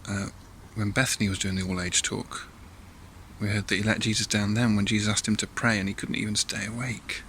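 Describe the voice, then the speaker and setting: A man's voice: on the low side, little pitch movement, fairly quick, a bit bright, a little hiss or hum. A man leading a church all-age talk, telling a Bible story in a chatty way with asides to listeners and acted voices.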